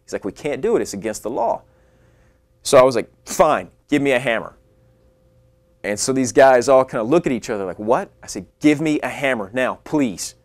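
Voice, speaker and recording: A young man, an actor, telling a fast, animated story about himself in a casual way. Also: mid-range voice, no room sound. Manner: animated, acts out his own lines in a rising voice. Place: California.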